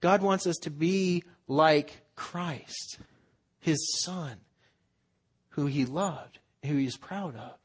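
Pastor, male, slightly high voice, earnest conversational sermon delivery. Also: slow pace, breathy edge. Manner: earnest, conversational preaching with acted-out quotes.

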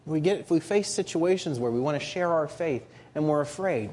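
Husky, lively male preacher. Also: on the high side, brisk, hardly any pauses. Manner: earnest, rising to emphatic rhetorical questions. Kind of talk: sermon.

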